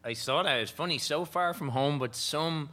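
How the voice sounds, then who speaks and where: A man, a comedian, telling a story in a deadpan way on a panel. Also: on the high side, normal speed. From Ireland. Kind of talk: stand-up panel banter.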